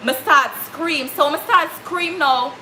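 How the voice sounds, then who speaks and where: A woman's voice: sits high, slow, pushed and bright. A young Jamaican woman with a Jamaican accent, telling a story in casual chat and slipping into patois. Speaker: vlogger. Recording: echoey room, faint background noise.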